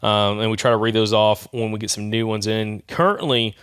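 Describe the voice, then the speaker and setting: A man co-hosting an outdoors podcast, talking in a folksy way and reading aloud haltingly. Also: lowish voice, little pitch movement, fairly bright tone, clear, resonant tone, no echo, clean studio sound. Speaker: podcast co-host. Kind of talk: casual chat.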